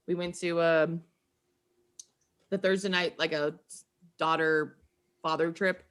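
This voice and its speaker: A woman guest on a podcast, telling stories in a lively, chatty way, laughing often and acting out quotes. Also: deep voice, slow pace, clear, resonant tone. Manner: animated, laughs often, acts out quoted voices. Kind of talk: casual storytelling chat.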